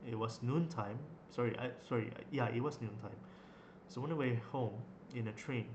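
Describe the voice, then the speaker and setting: A man's voice: mid-range voice, moderate pace. Rambling man in an echoey room. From Malaysia. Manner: rambling, with many fillers and restarts. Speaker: vlogger. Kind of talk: casual storytelling. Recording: echoey room, faint noise.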